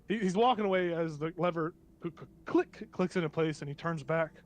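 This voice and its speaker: A man's voice: a little high, brisk. A man narrating a tabletop game as game master, often chuckling and restarting as he goes.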